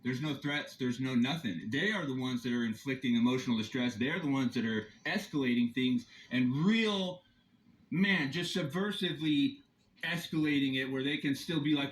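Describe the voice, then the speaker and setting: A man's voice: medium pitch, normal speed, echoey room, a little hiss or hum, rough recording. A man in a heated, rambling rant, filming on his phone from inside a vehicle. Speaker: campground guest confronting staff and police. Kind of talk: agitated first-person rant. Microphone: phone camera.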